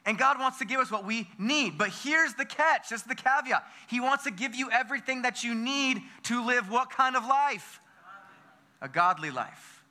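A man from the United States preaching a sermon as pastor, energetic and full of questions to the congregation, often repeating and restarting his words. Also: very high-pitched, moderate pace.

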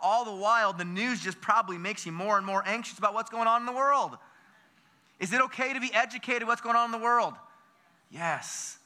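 A man from the United States preaching a sermon as pastor, energetic and full of questions to the congregation, often repeating and restarting his words. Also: high-pitched, brisk.

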